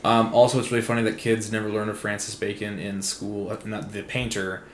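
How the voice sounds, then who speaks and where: A man's voice: on the low side, flat delivery, a little fast. A man in casual conversation, telling sardonic stories and acting out the voices of people he quotes. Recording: echoey room, faint background noise.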